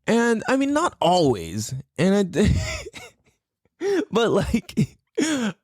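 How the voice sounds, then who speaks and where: A man's voice: high voice, huge pitch swings, extremely slow, slightly rough, no room sound, studio quality. A man hosting a solo podcast, rambling casually, swearing and often laughing. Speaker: podcast host.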